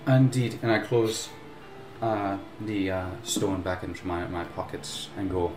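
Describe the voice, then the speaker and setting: A man playing a tabletop game, speaking in character with deliberate, haughty theatrical lines. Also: low-pitched, noisy background. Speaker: player. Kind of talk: in-character role-play. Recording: echoey room with background music.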